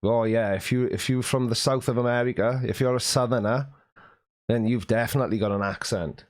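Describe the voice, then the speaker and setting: Welsh male streamer, chatty and teasing, reads chat aloud, frequent throat-clearing. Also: medium pitch, fairly quick. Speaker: live stream host. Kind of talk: casual live stream chat, reading out viewer comments. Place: warm room at home, at his desk.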